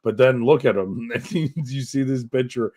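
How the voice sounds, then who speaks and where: A man co-hosting a podcast, reading odd news stories aloud in a profane, animated way. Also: medium pitch, moderate pace. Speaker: podcast co-host.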